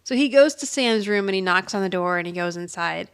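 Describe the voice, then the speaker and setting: A woman's voice: mid-range voice, brisk, clear, resonant tone. A woman co-hosting a podcast, giggling often as she recaps a TV episode in casual chat. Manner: giggly, animated retelling, quoting characters' lines. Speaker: podcast co-host.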